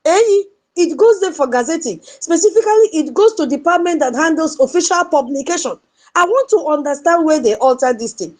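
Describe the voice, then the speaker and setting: A woman's voice: sits high, animated, a little fast, a little mellow. A Nigerian woman giving an impassioned political commentary, repeating her points and asking her audience rhetorical questions.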